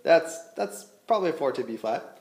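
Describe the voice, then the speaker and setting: A man's voice: fairly high pitch, expressive, moderate pace, roomy sound, loud music behind the voice. A man teaching a flute lesson, explaining patiently and checking in with his students. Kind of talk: music lesson instruction.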